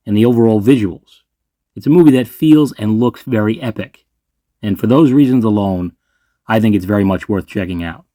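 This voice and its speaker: A man's voice: lowish voice, dark tone, no echo, studio quality. A man hosting his own movie ranking video, talking in a sarcastic, ranting way and swearing freely. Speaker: movie reviewer host. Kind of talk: ranking list commentary.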